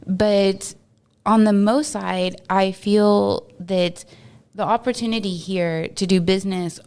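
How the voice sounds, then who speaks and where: Podcast guest, woman from Texas, mid-pitched, smooth and clear, lively storyteller who laughs easily. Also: slow. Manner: animated storyteller, laughs often. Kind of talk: casual storytelling interview.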